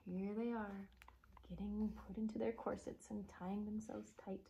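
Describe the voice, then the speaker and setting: A woman librarian reading a storybook aloud to children, expressive and animated, pausing to chuckle at the pictures. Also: medium pitch, creaky, muffled recording, background noise.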